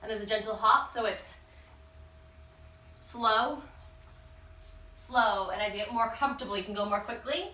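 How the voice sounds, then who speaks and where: A woman's voice: mid-range voice, moderate pace, long pauses, bright, forceful tone. A woman leading a follow-along workout, out of breath, counting reps aloud and cheering the class on. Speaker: fitness instructor. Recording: roomy sound from a distance.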